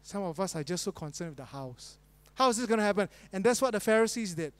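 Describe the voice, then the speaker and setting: A male pastor preaching a sermon with pauses and rising emphasis. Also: sits high, lively intonation, clean tone, no room sound. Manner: reads a spoonerism fairy tale as a joke, then preaches with pauses and rising emphasis.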